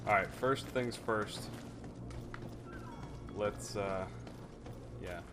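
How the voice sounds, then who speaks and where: A man's voice: on the low side, drawn-out words. A man giving casual, joking gameplay commentary as a let's play host, rambling and swearing freely. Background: game music.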